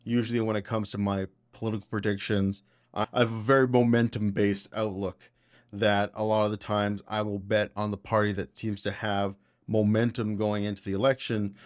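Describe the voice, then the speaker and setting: Blunt man, fairly low voice. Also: flat delivery, normal speed, no room sound, clean studio sound. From Canada. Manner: casual, blunt and opinionated. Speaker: podcast host. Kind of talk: political commentary monologue.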